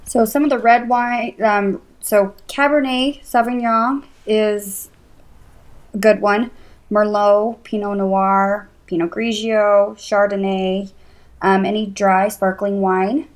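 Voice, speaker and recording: A woman's voice: medium pitch, little pitch movement, slow pace. A woman guest on a podcast, listing items casually with fillers. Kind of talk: casual interview chat.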